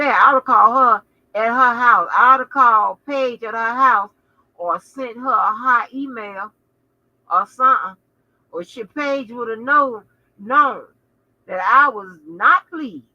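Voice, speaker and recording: A woman hosting a casual livestream, chatting with viewers in a sassy, profane way full of animated asides. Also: fairly high pitch, no echo, highs cut off. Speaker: channel host.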